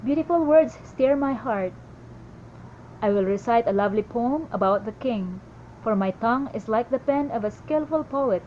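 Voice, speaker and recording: A woman reading a daily Bible passage aloud in a steady devotional style, with small slips and restarts. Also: on the high side, moderate pace, highs cut off, a little hiss or hum. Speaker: Bible reader.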